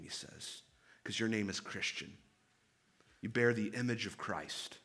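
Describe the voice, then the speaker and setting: A man in his thirties delivering a sermon in a fairly high, bright, forward voice. He preaches with earnest, emphatic conviction, slipping into relaxed conversational asides and often restarting or repeating phrases as he builds a point. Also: normal speed. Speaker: pastor.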